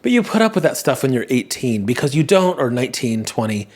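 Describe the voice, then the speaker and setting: A man's voice: mid-range voice, very animated, brisk, few pauses, a little mellow. A man in his thirties hosting a podcast, musing aloud in a rambling, self-questioning way. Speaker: podcast host and comedian. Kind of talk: casual monologue.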